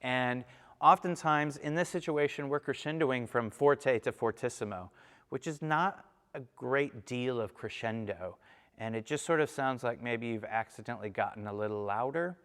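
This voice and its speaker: A man's voice: mid-range voice, moderate pace, fairly bright tone, smooth, in a large hall. A man teaching a timpani lesson, explaining patiently, counting beats aloud and checking in with "okay?" as he demonstrates. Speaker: percussion teacher.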